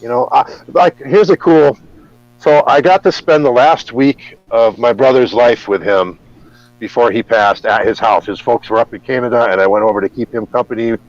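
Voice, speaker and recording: A man's voice: mid-range voice, normal speed, no echo. A man hosting a podcast who tells a personal story in rambling casual talk, full of restarts and swearing. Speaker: podcast host. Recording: dull, lo-fi podcast audio.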